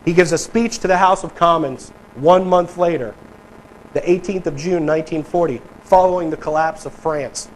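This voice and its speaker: Emphatic preacher man, slightly high voice. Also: moderate pace, slight background noise, rough recording. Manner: conversational, emphatic, mock voices for politicians. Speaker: pastor. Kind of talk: sermon. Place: church sanctuary.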